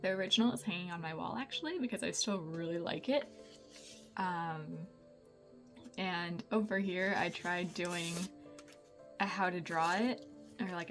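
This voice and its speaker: Young woman flipping thru her sketchbook, bubbly and rambly, soft music behind. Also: on the low side, moderate pace. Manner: chatty, bubbly, lots of ums and giggles. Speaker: artist vlogger. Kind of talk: casual sketchbook tour.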